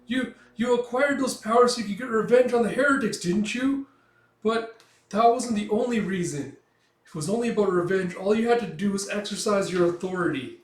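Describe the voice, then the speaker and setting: Man doing a shrill tiny elf. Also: fairly quick, close to an everyday voice. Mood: indignant. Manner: shrill, yelling, stammering. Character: tiny excitable male elf, brash and whiny. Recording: roomy, distant mic.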